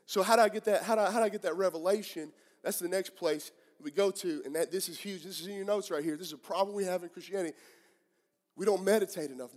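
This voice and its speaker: Southern US male pastor, middle-aged, high pitch, earnest sermon with rhetorical questions and restarts, long hall reverb. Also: darkish tone. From southeastern United States. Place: church sanctuary.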